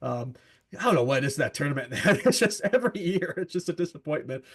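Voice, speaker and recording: Brief: quick-paced man, chatty sports co-host, frequent laughs. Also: on the high side, very animated, breathy edge. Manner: chatty, laughs often, many fillers. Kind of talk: casual sports talk.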